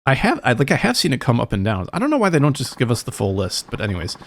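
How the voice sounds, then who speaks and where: A man's voice: mid-range voice, wildly swooping pitch, quick pace, no room sound, studio quality. A man giving casual, profane gameplay commentary while reading the game's dialogue aloud. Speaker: let's play host.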